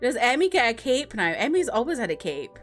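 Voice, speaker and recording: A woman's voice: a little high, sing-song, brisk, a bit bright, faint music behind. A woman streamer chatting casually with her viewers, greeting them by name between giggles and filler words. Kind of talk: casual live-stream chat.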